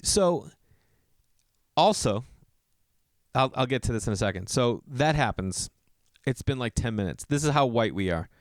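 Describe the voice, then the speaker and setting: A middle-aged man tells a story on his podcast in a loose, lively way, his pitch swinging widely as he acts out what people said. He swears freely. The sound is dry and close, with no room around it. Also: moderate pace, pauses often, no echo. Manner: animated, swears freely, acts out quoted lines with jumps in pitch. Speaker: podcast host. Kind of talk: casual storytelling monologue.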